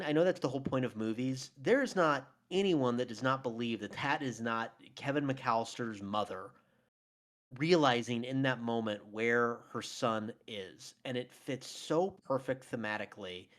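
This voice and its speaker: A man's voice: medium pitch, a bit bright. A man co-hosting a film podcast, chatting enthusiastically with frequent laughs and fillers. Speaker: podcast co-host. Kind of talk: casual film debate chat.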